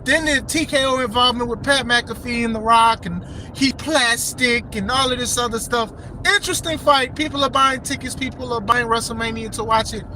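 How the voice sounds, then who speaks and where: A man's voice: very high-pitched, moderate pace, low-quality recording. A man hosting a podcast, giving casual, emphatic wrestling commentary and repeating phrases for stress. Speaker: podcast host. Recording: steady background noise.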